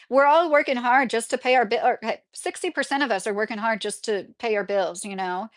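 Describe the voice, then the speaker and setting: A woman with a slightly high voice hosts a casual live chat. She talks back to her viewers' comments in a loose, chatty way and laughs often. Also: fast talker, few pauses. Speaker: livestream host reading viewer comments.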